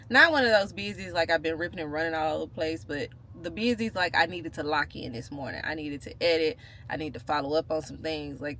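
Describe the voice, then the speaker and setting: A woman's voice: mid-range voice, slight background noise. A woman, chatting casually to her viewers in a vlog, playful and full of slang. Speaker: vlogger. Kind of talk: casual vlog chat to camera.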